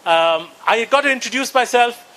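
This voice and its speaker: A male stand-up comedian from Bengal, India, with a high, bright voice performs a set at a conference, in front of a live audience in the hall. He speaks at a moderate pace, animated and mock-indignant, breaking into shouted impressions, and the recording quality is low.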